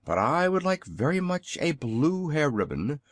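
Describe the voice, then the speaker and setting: A man's voice: a little high, sing-song, a little slow, no room sound, voice pushed up. A man doing a quaint, polite old inventor. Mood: chatty.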